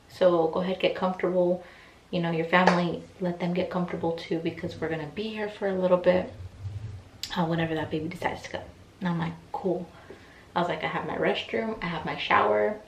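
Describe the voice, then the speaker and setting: In her twenties, this woman tells a personal story in a chatty, emotional way, acting out the voices of the people she quotes. Her voice is fairly low and a little mellow. The recording comes from an echoey room with a distant mic and slight background noise.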